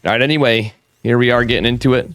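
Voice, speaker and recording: A man's voice: medium pitch, fairly even intonation, quick pace, fairly bright tone. A man with a cold giving casual, chatty live commentary on a strategy game, talking straight to his viewers with jokey asides. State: has a cold. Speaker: esports caster.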